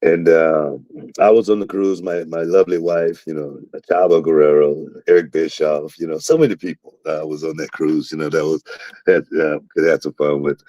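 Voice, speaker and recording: Podcast host, male, deep voice, lively storyteller who acts out what others said. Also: normal speed, no room sound, lo-fi sound. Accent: Southern US. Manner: animated storyteller, acts out quotes with jumps in pitch. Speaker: podcast host, former wrestler. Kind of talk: casual storytelling.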